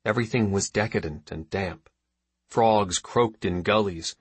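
A man reading a novel aloud as narrator, steady and measured. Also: lowish voice, slightly rough, dry recording. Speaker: audiobook narrator. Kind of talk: scripted narration.

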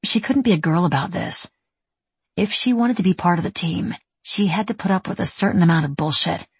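Husky, breathy woman narrator. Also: fairly low pitch, lively intonation, a little fast, no room sound. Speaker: audiobook narrator. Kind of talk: scripted narration.

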